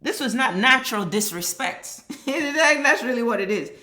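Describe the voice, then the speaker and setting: A fired-up woman vents her reaction commentary with a bright, forceful edge and curses freely. Her exasperated rant rings out in an echoey room. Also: fairly high pitch, animated, normal speed. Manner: heated, exasperated, swears freely. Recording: roomy echo.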